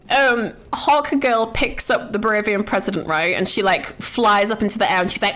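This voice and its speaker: A young woman chats loosely on stream, her voice sitting at an ordinary middle pitch. She rambles through her notes, swears freely and keeps slipping into giggles. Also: huge pitch swings, moderate pace, fairly bright tone, a little hiss or hum. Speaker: streamer reviewing a film. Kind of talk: casual stream chat.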